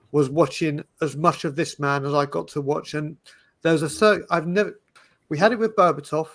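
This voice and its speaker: A man in casual chat, telling animated stories with frequent restarts. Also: fairly high pitch. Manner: animated, storytelling, restarts often. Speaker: podcast panelist.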